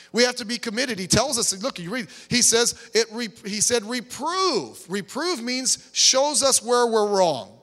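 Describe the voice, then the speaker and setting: Middle-aged male pastor, emphatic and conversational preacher, high voice, faint music under him. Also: fairly bright tone. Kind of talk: sermon. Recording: reverberant hall, faint music behind.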